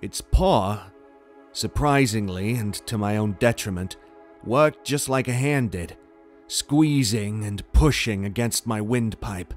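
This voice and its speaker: A man's voice: fairly low pitch, slow, faint music behind. A man reading a scripted first-person horror story in a tense, dramatic way. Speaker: narrator.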